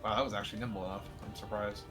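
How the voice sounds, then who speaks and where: A man co-hosting a game playthrough, talking in an animated, teasing, ranting way. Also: fairly low pitch, very fast, music in the background. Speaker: co-host player. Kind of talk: casual gameplay chat.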